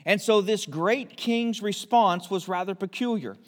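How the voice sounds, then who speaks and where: A man preaching a sermon, telling a Bible story with lively asides and briefly acting out the characters. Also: high voice, measured pace. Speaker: pastor. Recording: long hall reverb.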